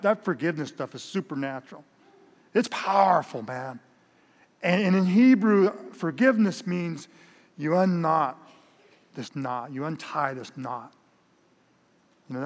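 A man preaching to a large congregation, animated and storytelling, often stumbling over repeated words. His voice sits a little high for a man. The long reverb of a big church hall trails behind every phrase. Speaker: pastor. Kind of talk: sermon.

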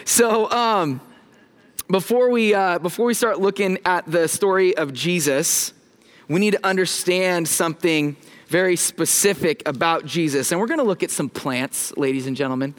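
High-voiced joking young pastor. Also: male voice, moderate pace. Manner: casual, joking, talks with the congregation. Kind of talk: sermon. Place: church sanctuary.

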